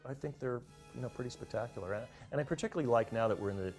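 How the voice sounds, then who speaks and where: A man's voice: mid-range voice, very fast, darkish tone, faint music behind. A man, a film director, thinking back in a documentary interview, with many restarts. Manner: thoughtful, with frequent restarts.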